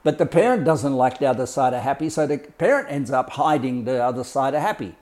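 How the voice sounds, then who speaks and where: A man's voice: mid-range voice, animated, a little fast, hardly any pauses, a little mellow. A man talking as a life coach, explaining ideas in a blunt, colourful way with swearing and mimicked sounds. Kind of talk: casual explanatory talk.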